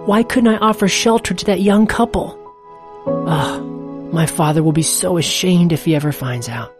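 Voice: mid-range voice, moderate pace, pitched above the performer's own voice, lightly acted. A storyteller voicing a tired young man torn by guilt, speaking in a pleading, strained voice over faint music. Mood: remorseful. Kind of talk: storybook reading.

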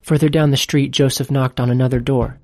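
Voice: medium pitch, fairly even intonation, brisk, a little mellow, dry recording, clean studio sound. Earnest storybook narrator.

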